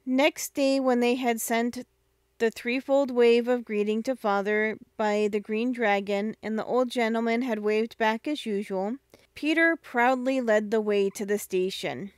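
A woman narrating a classic children's novel as an audiobook, measured and gentle. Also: a little high, clean tone, no room sound, studio quality.

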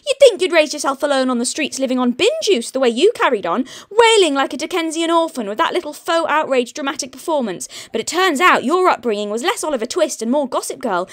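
A woman's voice: high-pitched, animated, fast, hardly any pauses. An English woman delivering a theatrical, condescending scripted retort. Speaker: commentary YouTuber.

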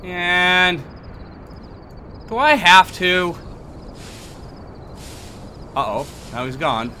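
A man's voice: high-pitched, very animated, extremely slow, bright, forceful tone, a little hiss or hum. A man playing a horror game, giving casual commentary with sarcastic, muttered asides. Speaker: let's play gamer.

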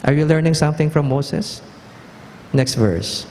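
A man's voice: a little high, unhurried, a little mellow, long reverb tail, a little hiss or hum. A Filipino-accented male pastor preaching a sermon in a conversational way, often checking in with the congregation. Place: church sanctuary.

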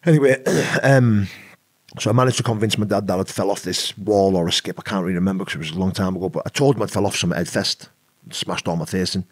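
A man's voice: low-pitched, fast talker, husky, no room sound, clean studio sound. A British man telling a personal story as a podcast guest, rambling and casual, often saying "you know what I mean". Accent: British English. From Britain. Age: adult with an eleven-year-old son.

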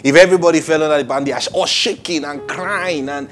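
Male preacher, sermon, animated, lively pitch, faint music in background. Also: fast talker, creaky, few pauses. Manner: animated, acts out quoted voices, laughs often.

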